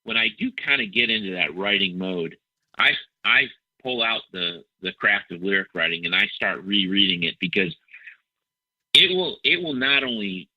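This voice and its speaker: A man's voice: deep voice, lively intonation, moderate pace, dry recording. A middle-aged man from Ohio, a musician guest chatting in an interview, with a somewhat nasal voice. He rambles and repeats words, mocking himself with dry humor. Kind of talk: casual interview chat. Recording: dull dry phone-like audio.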